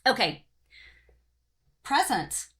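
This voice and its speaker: A middle-aged woman from Oklahoma hosting her podcast in a casual, rambling chat, often pausing on "um" and "you know". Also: a little high, big pitch swings, fairly bright tone. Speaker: podcast host.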